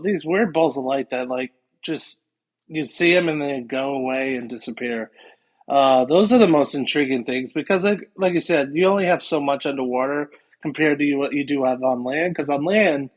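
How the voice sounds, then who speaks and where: A man, a guest paranormal investigator, chatting casually on a podcast and rambling with many fillers. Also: a little high.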